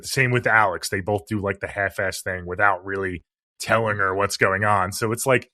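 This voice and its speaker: A man's voice: on the low side, moderate pace, no room sound, clean studio sound. A man co-hosting a podcast, chatting casually and with some swearing as he reviews a film and acts out its lines. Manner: relaxed, profane, acts out quotes. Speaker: podcast co-host.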